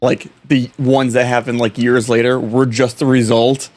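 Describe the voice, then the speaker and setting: A man's voice: mid-range voice, flat delivery, moderate pace, darkish tone. A young man co-hosting a history podcast, rambling with false starts, laughing often and swearing. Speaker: podcast co-host. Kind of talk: casual history podcast chat.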